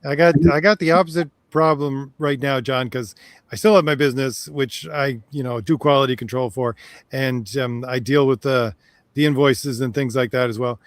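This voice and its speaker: A man from Canada chatting casually as a co-host, easygoing and quick to laugh. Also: mid-range voice, fairly even intonation, no room sound. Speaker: podcast co-host. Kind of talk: casual chat over a video call.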